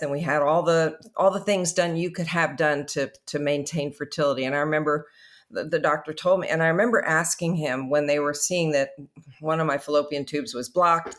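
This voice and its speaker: An older woman, a guest author, telling her faith story in an earnest, reflective way on a podcast interview. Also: low voice.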